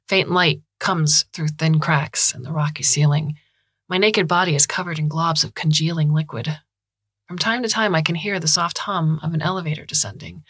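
Low, husky woman narrating a story. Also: fairly bright tone, dry recording, clean studio sound. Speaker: audiobook narrator.

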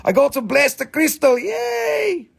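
A man voicing his happy, excited pet dog in a high, squeaky put-on voice, rushing giddily. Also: creaky, full character voice.

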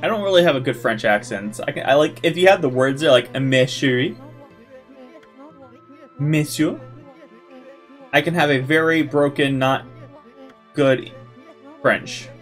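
A man's voice: on the high side, moderate pace, soft background music. Chatty man commenting on a game. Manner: loose, chatty, laughing asides. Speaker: gaming video host. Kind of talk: casual game playthrough commentary.

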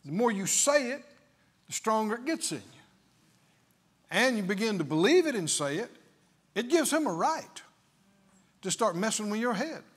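A man's voice: high-pitched, big pitch swings, moderate pace, long pauses, husky. A male preacher delivering a sermon emphatically, full of rhetorical questions.

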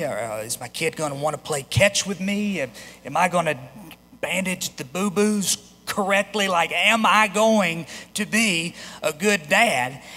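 A man's voice: fairly high pitch, pushed and bright. A man in his thirties, a pastor telling a personal story in a sermon, conversational with frequent restarts. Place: church sanctuary. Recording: long reverb of a large hall.

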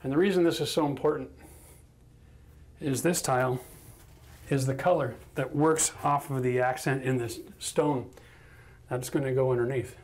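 A man's voice: medium pitch, steady tone, normal speed, pauses often, a little mellow. A man with a chatty, self-mocking manner who laughs often, teaching a casual DIY tiling tutorial on a bathroom job site. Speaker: renovation instructor.

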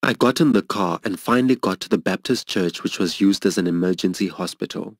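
A man's voice: brisk, no room sound. A middle-aged man preaching, telling a personal story in an earnest, emotional way. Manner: earnest, emotional storytelling, voicing others' lines higher. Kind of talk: sermon testimony storytelling.

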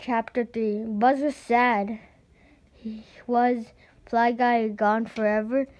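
A woman reading a children's picture book aloud at a slow, deliberate pace. Her voice sits slightly high. She sometimes trips over a word and starts it again. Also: fairly even intonation, darkish tone. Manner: slow, careful reading with stumbles and restarts. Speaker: storybook reader.

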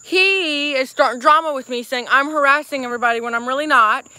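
Casting: upset woman streamer, bright tense voice, higher pitch, dry close sound, venting and apologizing. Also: a little fast, no room sound. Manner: angry venting, repeated apologies. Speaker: live streamer. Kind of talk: casual livestream chat.

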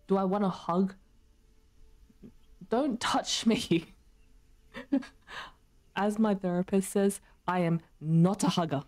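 A woman's voice: mid-range voice, fairly even intonation, measured pace, long pauses, darkish tone. A young woman streaming, chatting casually with her viewers while she plays, laughing often. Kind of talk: casual chat while gaming.

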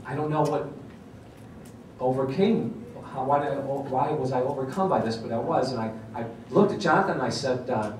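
Middle-aged male seminar speaker, animated self-mocking storyteller, recorded from a distance in a reverberant hall. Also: medium pitch, moderate pace, a little hiss or hum. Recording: echoey hall from far off.

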